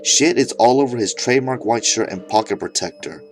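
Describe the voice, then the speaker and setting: A man's voice: mid-range voice, fairly quick, faint music behind. A man narrating an absurd comedic horror story in a mock-serious tone.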